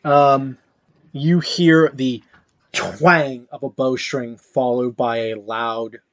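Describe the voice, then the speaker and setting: A man narrating a tabletop game as game master, in slow, halting speech with fillers. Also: medium pitch, fairly even intonation, fairly bright tone, dry recording, lo-fi sound.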